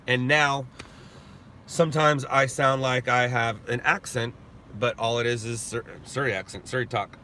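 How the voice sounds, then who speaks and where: A man from Southern California, streaming live and chatting with viewers, talking slowly and carefully. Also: mid-range voice, fairly even intonation, pushed and bright, a little hiss or hum. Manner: slow, deliberate talk, reads and answers viewer chat. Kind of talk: casual live stream chat.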